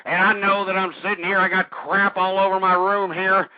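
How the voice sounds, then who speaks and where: A man hosting a talk radio show, ranting indignantly and swearing at his opponents, his voice hoarse. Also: high-pitched, flat delivery, moderate pace. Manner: ranting, indignant, swearing, addresses listeners as folks. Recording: tinny phone-line radio sound, dry.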